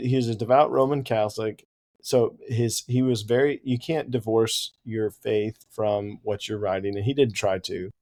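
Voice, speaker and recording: A man's voice: fairly low pitch, a little mellow. A man co-hosting a podcast, talking animatedly about books and laughing easily. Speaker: podcast co-host. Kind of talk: casual book discussion.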